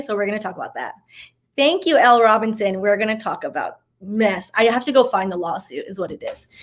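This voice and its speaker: A young woman from Miami, chatting casually as she answers viewer questions, with sassy, wry asides. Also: medium pitch. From Miami, USA. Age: young adult. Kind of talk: casual Q&A chat.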